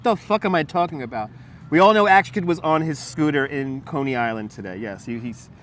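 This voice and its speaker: A man with a fairly high, expressive, slightly bright voice talks a little fast as he hosts a casual livestream outdoors on a city waterfront. Wearing a wireless lapel mic, he walks, rambles, laughs and swears while answering his chat, with slight background noise.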